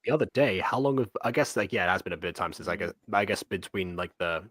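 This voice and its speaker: Deep-voiced man musing on a review podcast. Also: expressive, fast talker, over loud music. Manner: hedging and musing. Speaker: podcast co-host. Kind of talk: casual review chat.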